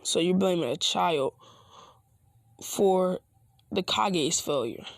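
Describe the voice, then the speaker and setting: Guy doing a cool calm ninja kid, cold and defiant, gravelly. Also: high-pitched, slow, no room sound, studio quality, exaggerated voice. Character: calm defiant young male ninja boy.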